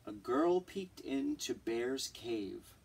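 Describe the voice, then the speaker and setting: A teacher reading a children's picture book aloud, gently asking questions about the pictures. The voice is husky and unhurried, with a lively, rising and falling tone, and sits a little back from the microphone. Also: medium pitch, far from the mic.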